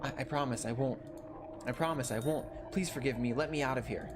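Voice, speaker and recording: A man voicing a terrified, wealthy child in a game, first defiant, then pleading for their life in a high voice. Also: brisk, noisy background, close to an everyday voice. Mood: begging. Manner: high, pleading, rising into panic.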